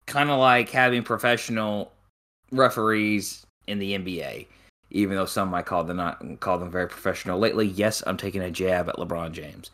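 A man co-hosting a casual racing podcast, giving blunt opinions in halting, restarting sentences. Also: low voice, fairly even intonation, a bit bright. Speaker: podcast co-host.

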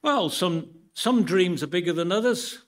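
A British man preaches in church, starting with a measured Bible reading before easing into relaxed talk with dry humour. His voice sits high.

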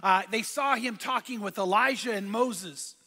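Middle-aged pastor, high and bright tone, fervent repeating sermon delivery, long church reverb. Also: male voice, normal speed. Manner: fervent preaching with repetition and call-and-response.

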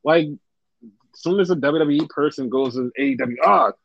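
Animated swearing man on a dull dry mic. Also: a little high, a little fast, dry recording. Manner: animated, swears often, quotes fans in exaggerated voices. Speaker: podcast co-host. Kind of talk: casual wrestling podcast chat.

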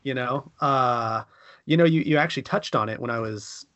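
A man of middle pitch hosts a podcast with a joking, teasing energy and quick bursts of animation. The recording is dry and close, with no room sound around him. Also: fairly bright tone, no echo. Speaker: podcast host. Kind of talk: casual chat.

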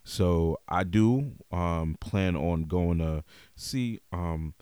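A man hosting a podcast, talking openly in a relaxed way full of "yo" and "you know what I mean". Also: low voice, drawn-out words, clear, resonant tone, dry recording. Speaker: podcast host. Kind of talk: casual podcast chat.

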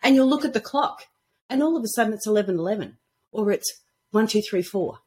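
A woman guest on a casual podcast, telling animated stories and acting out the dialogue in them. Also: mid-range voice, a little fast, slightly rough. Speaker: guest author on intuition. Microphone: podcast microphone at a computer.

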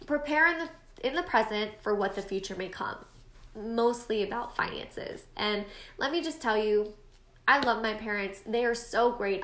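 A woman's voice: on the high side, bright, forceful tone, reverberant. A woman in her late twenties hosting her own podcast, talking in a casual, encouraging and self-deprecating way, with a stuffy nose. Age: late 20s. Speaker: podcast host. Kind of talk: casual solo podcast monologue.

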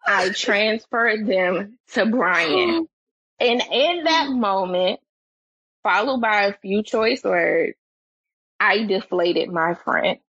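A woman telling a story as a podcast guest, animated and expressive, her voice climbing higher when she gets excited. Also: takes it slowly, breathy edge, no echo, lo-fi sound. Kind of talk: animated storytelling in casual chat.

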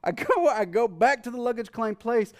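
A male pastor with a high, light voice delivers a sermon. He spins a frantic personal anecdote, voicing everyone in it, then eases into a steadier, teaching tone. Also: moderate pace. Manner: excitable storytelling, acting out quotes, then calmer teaching. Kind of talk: sermon with animated personal story.

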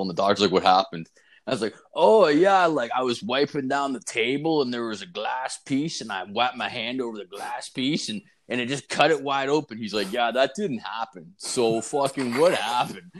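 A young man swapping stories on a casual podcast, cursing freely and animated as he tells them. His voice sits in an ordinary middle range for a man, and the talk is loose and unscripted. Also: mid-range voice, a little fast, few pauses. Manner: animated, profane storytelling. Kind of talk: casual storytelling chat.

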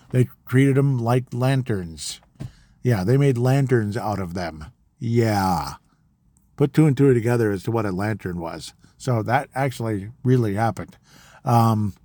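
A man's voice: mid-range voice, mellow, no room sound. A man hosting a podcast, talking in a rambling, casual monologue that keeps repeating words and turns heated. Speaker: podcast host.

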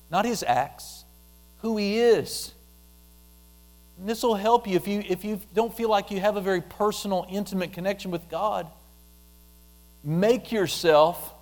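A man preaching a conversational sermon, repeating phrases and dropping into a soft, quiet voice when he prays aloud. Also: sits high. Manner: conversational, repetitive, drops softly into prayer voice.

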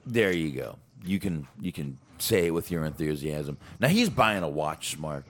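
A man's voice: extremely low pitch, moderate pace. A man co-hosting a podcast, chatting casually and swearing freely as he recaps a wrestling show. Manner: animated, laughing, swearing freely. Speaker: podcast co-host.

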